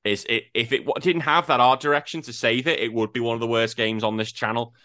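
A man's voice: medium pitch, fast talker, no room sound, clean studio sound. A man hosting a casual gaming chat, ranting and swearing freely about an old game. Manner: swears freely, ranty and animated. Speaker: podcast host.

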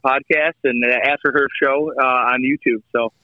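A man's voice: mid-range voice, steady tone, moderate pace, no echo. A man with a Buffalo accent, calling in as a podcast guest, friendly and easygoing. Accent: Buffalo, New York. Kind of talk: casual chat over a call. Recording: dull, muffled call audio.

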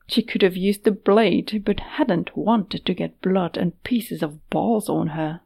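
A woman narrating a fantasy audiobook in a measured, steady way. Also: fairly low pitch, gravelly, breathy edge.

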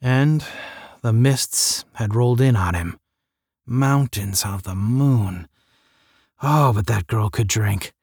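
A man narrating a science fiction audiobook in a steady, measured reading. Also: mid-range voice, slightly rough, no room sound, studio quality.

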